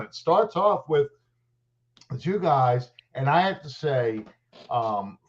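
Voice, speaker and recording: A man co-hosting a casual sports chat, telling stories in a rambling, animated way with many restarts. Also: medium pitch. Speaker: podcast co-host. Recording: dull lo-fi audio.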